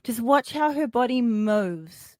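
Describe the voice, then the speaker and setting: A young woman with a New Zealand accent hosting a casual podcast chat, animated, laughing often and swearing freely. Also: on the high side, slow pace, no echo, clean studio sound. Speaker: podcast host.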